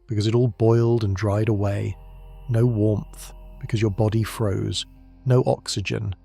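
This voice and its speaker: A man giving slow, measured, grave scripted documentary narration about science, in short deliberate phrases. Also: medium pitch, vocal fry, a little mellow, no echo.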